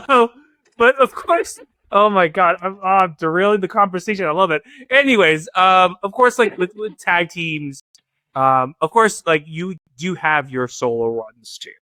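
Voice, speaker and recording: A man's voice: high voice, moderate pace, pushed and bright, dry recording, clean studio sound. A man hosting a casual podcast interview, giggly and easily amused. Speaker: podcast host.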